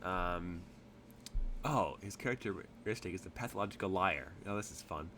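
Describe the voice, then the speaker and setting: A man's voice: low voice, moderate pace, bright, forceful tone. A man narrating a tabletop game as game master, rambling through his descriptions with many fillers.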